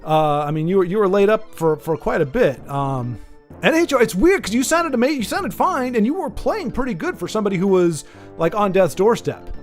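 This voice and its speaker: A man's voice: high-pitched, sing-song, brisk, faint music behind. A man streaming a game who rambles and jokes while greeting viewers by name in a casual chat. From United States. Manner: rambling and jokey, talking straight to viewers by name. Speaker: livestreamer talking to chat.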